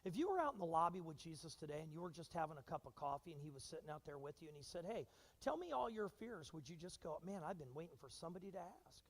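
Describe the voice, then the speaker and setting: A high-pitched man preaching to his church, his voice carrying a long reverb through the sanctuary. He is animated, tossing questions to the congregation and acting out what people say. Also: fast. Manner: animated, asks the congregation questions and acts out quotes. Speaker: pastor. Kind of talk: sermon.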